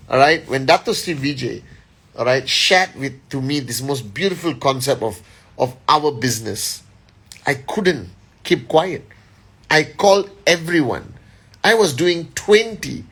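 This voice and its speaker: A man's voice: fairly high pitch, fairly bright tone, breathy edge. A middle-aged man giving a motivational live address as a company leader, emphatic and rallying, often checking in with "all right?".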